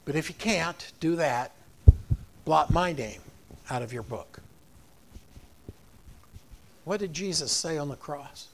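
A man preaching a sermon in an animated way, acting out the voices of the people in the story. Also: on the high side, takes it slowly, long pauses, a little hiss or hum. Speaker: pastor.

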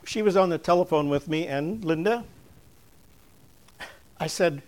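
An older man giving a chatty, storytelling object lesson to a church congregation, chuckling often and going soft and slow when earnest. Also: a little high, lively intonation.

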